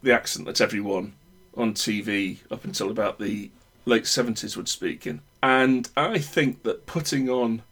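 A man's voice: lowish voice, moderate pace, few pauses, fairly bright tone. A man with a northern English accent in casual chat, rambling and opinionated with many restarts. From Northern England.

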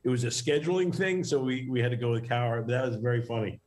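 A man's voice: mid-range voice, expressive, fast talker, darkish tone, slight background noise. A middle-aged man from New York, a guest in a casual interview, talking in a rambling way with many restarts and fillers.

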